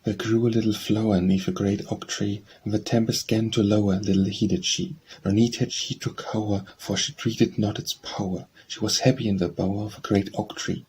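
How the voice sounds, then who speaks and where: A man reading poetry aloud for an audiobook in a measured, steady recitation. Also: fairly low pitch, a little hiss or hum, poor audio. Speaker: audiobook narrator.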